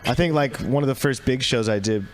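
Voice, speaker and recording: A man's voice: mid-range voice, a little fast. A man appearing as a stand-up comedian guest, telling loose anecdotes in casual podcast chat and laughing as he goes.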